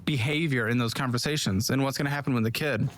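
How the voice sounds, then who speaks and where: A man's voice: mid-range voice, fast talker. A man hosting a finance advice show, confronting guests in a pointed, lecturing way and pressing them with questions. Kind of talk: confrontational interview.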